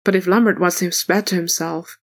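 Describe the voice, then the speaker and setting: A woman reading fan fiction aloud in an even, unhurried narrating voice. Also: lowish voice. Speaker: audiobook reader.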